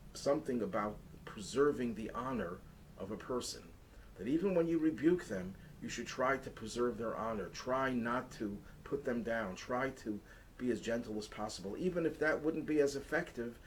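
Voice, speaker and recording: A man's voice: mid-range voice, slight background noise, low-quality recording. A man teaching the weekly Torah portion as a rabbi, earnest and rising in intensity to stress his points. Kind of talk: Torah lesson.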